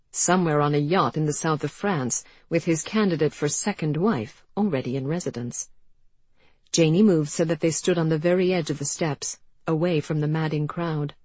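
A woman reading an audiobook in an even, measured storytelling manner. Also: low voice, husky, no room sound. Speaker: audiobook narrator. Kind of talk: scripted narration.

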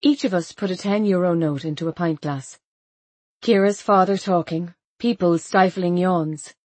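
A woman narrating a novel in the first person, wry and measured. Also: on the low side, darkish tone, no room sound. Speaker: audiobook narrator.

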